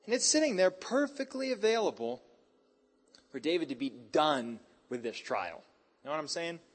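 A male preacher delivering a sermon in a hyper, animated storytelling style, mixing scripture with casual slang. His voice sits a little high and sounds slightly husky. His pitch jumps all over the place. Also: moderate pace.

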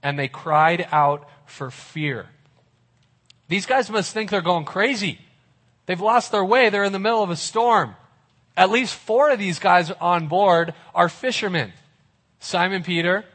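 Man, pastor, sermon, fairly high voice, vivid storyteller, casual asides. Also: a bit bright.

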